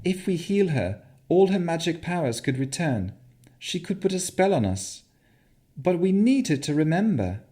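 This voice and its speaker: A woman's voice: lowish voice, big pitch swings, moderate pace, warm tone, pitched above the performer's own voice. A male narrator voicing a composed young female warlock who speaks steadily and firmly. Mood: urgent.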